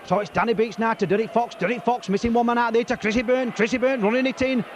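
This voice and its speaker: Man, hoarse, excitable match commentator rattling off names, pitched very high, noisy outdoor feed. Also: fast talker, dull audio. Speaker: rugby league commentator. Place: outdoor rugby ground.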